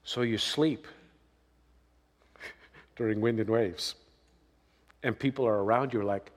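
A man's voice: lowish voice, slow, long pauses. A male pastor preaching a sermon in a conversational way, with emphatic rises and frequent "right?" asides. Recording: long reverb of a large hall.

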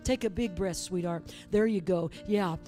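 A woman's voice: lowish voice, normal speed, dark tone, soft background music. A woman preacher leading a church service, urging and coaxing the congregation in a fervent, repetitive way. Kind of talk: sermon with altar call.

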